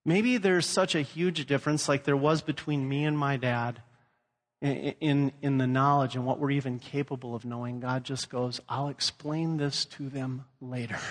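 A man's voice: mid-range voice, long reverb tail. A man from Louisiana preaching a sermon and telling stories, acting out the voices he quotes. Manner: storytelling, acts out quoted voices. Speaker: pastor.

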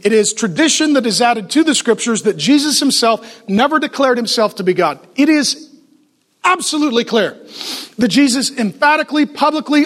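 Pastor type, man with a very high voice, punchy emphatic sermon delivery, rapid-fire lists, jokes to the crowd. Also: a bit bright. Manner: joking asides to the audience.

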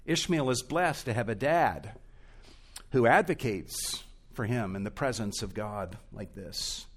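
A man's voice: fairly low pitch, unhurried, slightly rough. A male pastor preaching an expository sermon in a church, earnest and emphatic, rising and falling in intensity.

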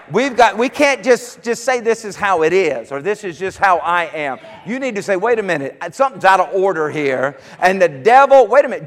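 In a large hall, a male preacher with a high, somewhat bright voice delivers a sermon. He tells folksy, homely stories that build up to fervent declarations.

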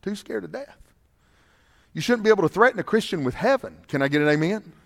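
Man, pastor preaching, high-pitched, long church reverb, fervent, slightly breathless. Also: expressive, quick pace, vocal fry, fairly bright tone. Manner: fervent, repetitive, preaching with rising emphasis. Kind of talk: sermon. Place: church sanctuary.

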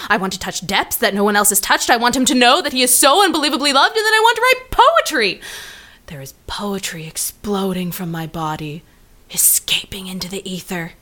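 A woman's voice: on the high side, pushed and bright. A woman playing a swooning, emotional heart. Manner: dramatic, breathless, swooning. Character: emotional, gushing female side of a young woman's mind. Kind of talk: comedy sketch acting.

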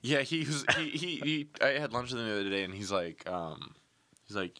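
A man's voice: mid-range voice, moderate pace, sharp tone, no echo. A young man co-hosting a comedy podcast in casual banter, swearing freely and laughing at his own jokes. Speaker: podcast co-host.

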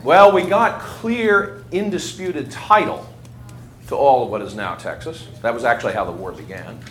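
A man's voice: on the low side, sing-song, normal speed, fairly bright tone, faint music behind. A man giving a conversational history lecture to a class, asking his students questions as he goes. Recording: echoey room, faint ambient noise.

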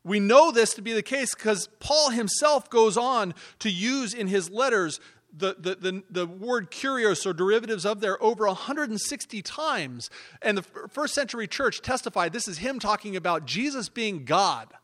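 Male pastor with a slightly high voice, emphatic preaching that swings between hushed and loud. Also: lively intonation, normal speed. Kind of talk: sermon.

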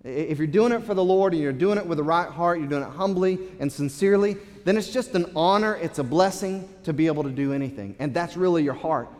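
Pastor, male, fervent sermon delivery with rising emphasis, fairly high voice, long church-hall reverb. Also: quick pace, few pauses, a little mellow. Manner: impassioned preaching with swells of emphasis and repeated words.

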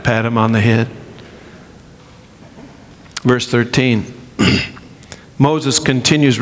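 A man's voice: medium pitch, steady tone, slow, pauses often, long reverb tail. A man preaching a sermon with an emphatic delivery, acting out the quotes he reads.

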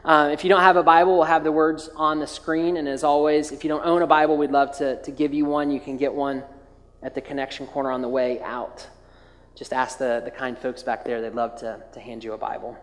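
A man's voice: mid-range voice, little pitch movement, fairly quick. A man preaching as a pastor, retelling a scripture story in a chatty, humorous way with lots of filler words and restarts. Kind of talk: casual humorous sermon storytelling. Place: large church hall. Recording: long hall reverb.

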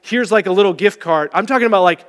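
A man preaching a sermon as pastor in a church, talking in an animated, conversational way. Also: high voice, fast talker, in a large hall. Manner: animated, conversational, acts out voices.

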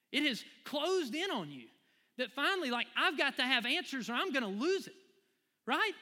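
A man preaching a sermon in a church, lively and conversational, often asking "right?" and "amen?". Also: sits high, long reverb tail. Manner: animated preaching, builds to near shouting then drops to quiet; conversational asides with fillers like right and y'all. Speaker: pastor. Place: church sanctuary.

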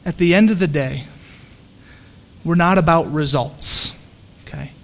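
A man's voice: a little high, measured pace, gravelly, a bit bright, big-room sound. A male pastor preaching a sermon, telling a story with lots of energy and frequent restarts and repeated words.

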